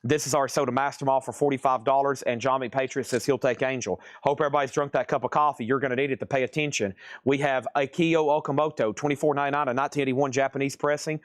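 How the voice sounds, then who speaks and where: Man, live sale host, auction patter, dry recording, middle pitch. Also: steady tone, no room sound. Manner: rapid-fire listing of prices and conditions.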